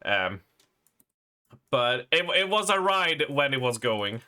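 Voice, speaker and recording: A man's voice: mid-range voice, sing-song, slow pace, pushed and bright, clear, resonant tone. A young adult Swedish man with a Swedish accent, casually chatting and laughing as he reacts on a live game stream, often stumbling over words. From Sweden.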